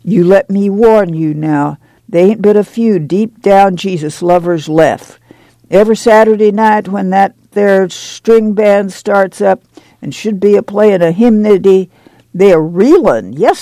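A man's voice: high voice, warm tone, no room sound. A man voicing a fierce, pious, stocky older woman with a who scolds and preaches warnings.

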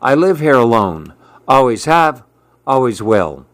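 A man's voice: medium pitch, sing-song, a little slow, dry recording. A man voicing a grumpy, solitary man in a storybook reading, his lines fussy and insistent. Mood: stubborn. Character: grumpy solitary man who wants to be alone.

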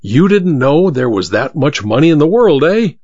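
A loud, jovial mining magnate, as a male narrator puts him on, full of bluster and good humor. The voice sits above the narrator's own and moves lively through its pitch. The recording is dull and lo-fi. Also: normal speed, no echo.

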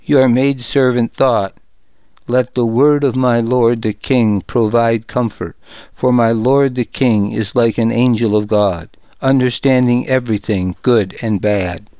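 A man voicing a grieving widow who pleads before a king, in a slow audiobook reading. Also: medium pitch, steady tone, mellow, clean tone, no room sound, close to an everyday voice. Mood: fearful. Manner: pleading, deferential. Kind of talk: audiobook narration.

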